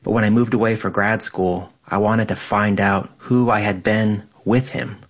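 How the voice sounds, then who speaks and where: A man calmly reading his own personal essay in a measured, reflective way. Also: fairly low pitch.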